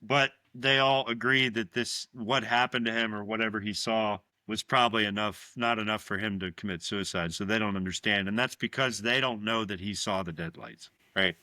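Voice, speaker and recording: A man co-hosting a podcast, recapping a horror film in an animated storytelling manner and often checking for agreement. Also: fairly low pitch, no echo. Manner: animated storytelling, quick asides seeking agreement. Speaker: podcast co-host.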